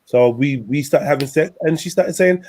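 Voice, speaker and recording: A young man hosting a crude, joking chat show, telling stories in a boisterous way. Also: normal speed. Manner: joking, boisterous storytelling with animated pitch swings. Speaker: show host. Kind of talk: crude casual banter.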